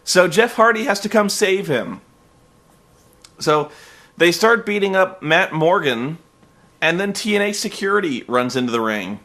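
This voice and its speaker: A man's voice: high-pitched, lively intonation, a little slow, pushed and bright. A man hosting a comedic review, recapping events in an exasperated, profane, sarcastic rant that rambles along on fillers. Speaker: host reviewing wrestling.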